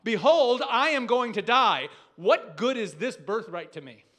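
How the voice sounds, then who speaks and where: A man acting out a blunt, worldly young man who talks in loud, slangy, exasperated bursts. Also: very high-pitched, animated, measured pace, pitched above the performer's own voice, exaggerated voice.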